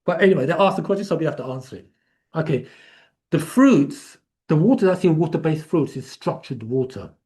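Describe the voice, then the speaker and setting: A man's voice: on the high side, animated, fairly quick, mellow. A man with an English accent hosting a live Q&A, explaining in a casual, rambling way with many restarts. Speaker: host of a live Q&A.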